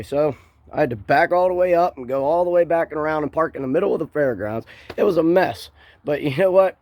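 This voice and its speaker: A man's voice: on the high side, a little fast, darkish tone, no room sound. A man from Ohio talking casually to camera, rambling and often repeating and restarting his words. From Ohio, USA. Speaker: political vlogger. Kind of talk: casual monologue recounting a rally day.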